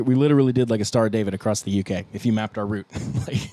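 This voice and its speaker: A man's voice: lowish voice, rapid-fire, mellow, dry recording. A young man co-hosting a casual band podcast, joking and laughing a lot and acting out what people said. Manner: jokey, laughs often, acts out quotes. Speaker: podcast co-host, band guitarist. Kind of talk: casual chat.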